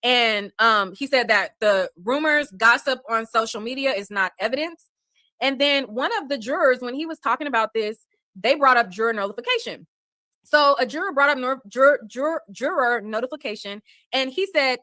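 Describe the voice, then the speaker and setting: Woman host, higher bright voice, loose rambling recap style, full of "like" and "um". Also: a little fast, no room sound. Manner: rambling, many fillers and restarts. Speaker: livestream host. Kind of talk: casual recap of a court hearing.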